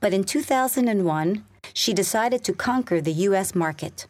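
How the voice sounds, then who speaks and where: A woman reading a scripted English listening lesson in a clear, measured way. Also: medium pitch, animated, darkish tone, no echo. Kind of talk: scripted narration.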